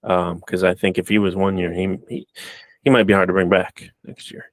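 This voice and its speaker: A man's voice: deep voice, level tone, a little fast, no echo. A man co-hosting a casual sports podcast, loose and joking, talking with plenty of fillers. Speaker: podcast co-host.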